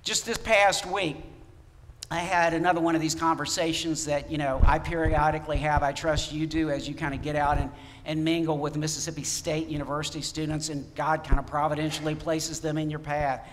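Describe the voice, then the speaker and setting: A man's voice: on the high side, little pitch movement, a little fast, slight background noise. A man, a pastor preaching a sermon in conversational storytelling style, recounting dialogue with restarts. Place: church sanctuary. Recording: church hall reverb.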